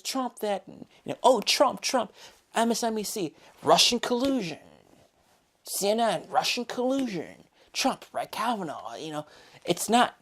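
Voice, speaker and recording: Young woman vlogger, deep and gravelly, profane rambling rant. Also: darkish tone. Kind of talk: casual opinion rant.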